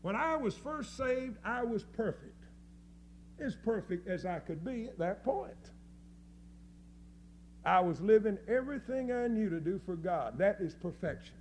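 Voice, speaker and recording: A man preaching a fiery sermon, folksy and scornful, dropping to low mutters and rising to loud cries. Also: slight background noise. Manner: folksy, scornful, with mocking quoted voices.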